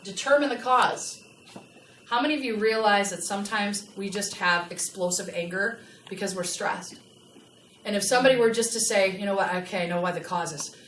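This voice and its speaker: A woman giving a lively customer service training talk to a live audience and asking them questions. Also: mid-range voice, fairly quick. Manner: animated, asks the audience questions. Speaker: workplace trainer. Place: large room with a live audience. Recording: echoey room, from a distance, faint noise.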